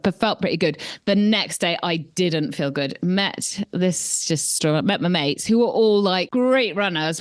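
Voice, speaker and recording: A woman's voice: lowish voice, smooth, dry recording. A woman in her forties, co-hosting a podcast in casual chat, telling stories in a chatty way and laughing often. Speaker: podcast co-host.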